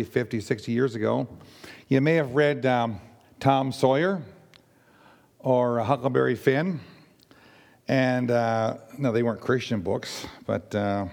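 An older Nova Scotian man with a raspy, mid-range voice and darkish tone gives a rambling personal testimony to a church congregation, full of fillers and restarts. The sound has a big-room quality.

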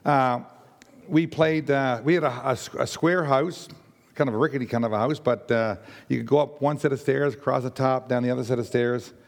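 An older man from Nova Scotia with a raspy voice, giving a rambling personal testimony to a church congregation with many fillers and restarts. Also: medium pitch, brisk, in a large hall.

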